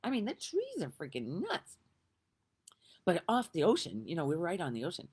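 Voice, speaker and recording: A middle-aged woman telling a story in a casual, lively way, laughing often and swearing now and then. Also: on the low side, moderate pace, husky. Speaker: vlogger.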